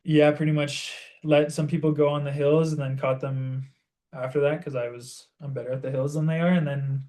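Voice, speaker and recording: A young man in easy podcast chat who tells his story with lots of energy and fills nearly every phrase with "like." His voice sits a little high but sounds mellow and relaxed. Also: moderate pace. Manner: animated storytelling, heavy use of "like". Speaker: podcast co-host. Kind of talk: casual chat.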